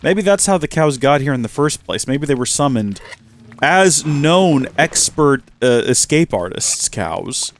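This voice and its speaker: A man's voice: fairly high pitch, sing-song, unhurried. A man talking casually through his gameplay as host, chatty and self-mocking, often talking to the game's animals and to viewers. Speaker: Minecraft let's-play host.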